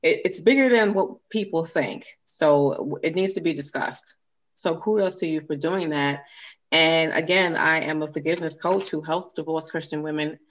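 Low-voiced woman, an earnest forgiveness coach. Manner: earnest, encouraging, spells things out slowly. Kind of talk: podcast guest interview.

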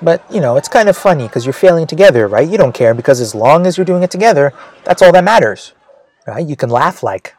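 A man's voice: fairly high pitch, animated, fairly quick, a little mellow, a little hiss or hum. A male comedian telling a rambling, self-mocking story, with frequent "right?" asides.

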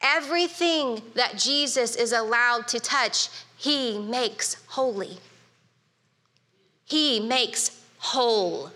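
A woman preaches a heartfelt sermon in a casual, conversational tone. Her voice sits a bit high and sounds crisp and bright. Soft music plays under her in a hall with long reverb. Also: slow pace. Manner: earnest, conversational preaching with fillers. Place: church hall.

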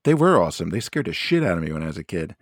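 A man co-hosts a podcast and rambles wryly through casual chat. His voice is deep and the recording dry. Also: sing-song, racing, breathy edge, no room sound. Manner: rambling, wry. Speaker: podcast co-host.

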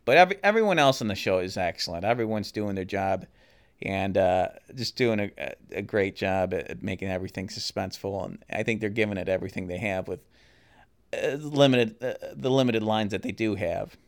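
A man's voice: on the low side, animated, brisk, smooth. A man hosting a solo podcast, reviewing shows and films in a rambling, casual way with many fillers and restarts. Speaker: podcast host.

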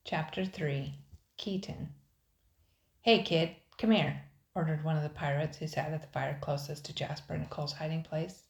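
An older woman reads a children's chapter book aloud at a steady, expressive pace. Her voice is low with a gravelly texture. The recording has a roomy echo. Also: fairly quick. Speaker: storybook reader. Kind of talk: children's story narration. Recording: echoey room.

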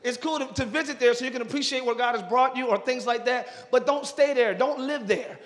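A male pastor preaching a sermon in church, talking with the congregation and rising into loud shouting praise. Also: very high-pitched, fast, big-room sound. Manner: preaching with call-and-response to the congregation.

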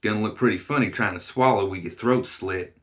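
Storybook gremlin guard read by a man: low, bright-edged snarl, folksy drawl, hostile. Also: fairly quick, natural voice. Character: vicious scrawny male gremlin guard.

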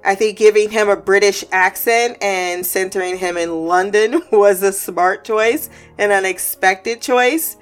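A woman's voice: mid-range voice, a little slow, hardly any pauses. A woman talks through her review of a TV episode in a loose, chatty way, full of restarts and fillers. Her voice sits in a middle register, and she throws in dry, sarcastic jokes. Faint music plays behind her. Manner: sarcastic asides and frequent laughs. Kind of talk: casual review commentary.

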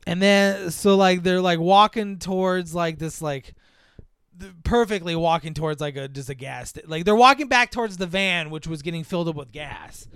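A man's voice: sits high, normal speed, a bit bright, clear, resonant tone, no echo, clean studio sound. A man in casual chat, rambling and profane as he mocks a movie's plot. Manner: rambling, profane, mocking, acts out characters in voices.

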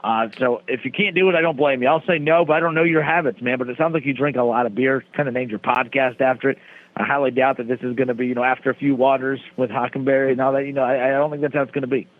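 A man's voice: mid-range voice, steady tone, quick pace, phone-quality sound. A man co-hosting a podcast, telling self-mocking stories in casual banter and acting out the people he quotes. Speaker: podcast co-host.

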